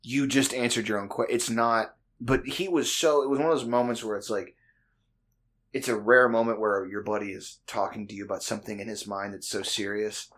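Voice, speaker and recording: A young adult man telling a crude, animated comic story in a casual way, often breaking into laughter. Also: fairly low pitch, a little fast.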